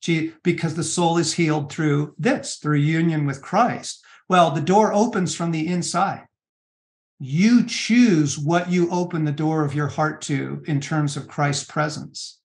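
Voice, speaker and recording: A middle-aged man, an author giving an interview guest's earnest advice, talking in halting bursts with frequent restarts and fillers. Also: fairly high pitch. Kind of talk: conversational interview on spiritual practice.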